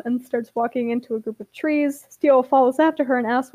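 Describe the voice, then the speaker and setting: High-voiced chatty woman podcaster. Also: fairly even intonation, a little fast, darkish tone, no echo. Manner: chatty, filler-heavy storytelling. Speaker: podcast co-host and story reader. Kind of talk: casual chat and reading a written story aloud.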